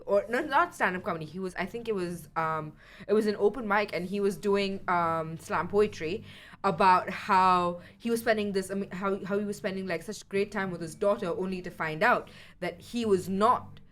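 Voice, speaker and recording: A woman's voice: medium pitch, a bit bright. A young woman co-hosting a podcast, telling a long story in casual chat, rambling, swearing and laughing often. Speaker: podcast co-host.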